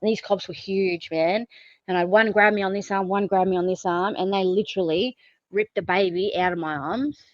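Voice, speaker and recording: A woman's voice: mid-range voice, steady tone, a little fast, no echo, lo-fi sound. A woman, a podcast guest frankly telling her own story with lots of fillers and swearing. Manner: frank and blunt, swears freely, many fillers. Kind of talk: candid personal storytelling.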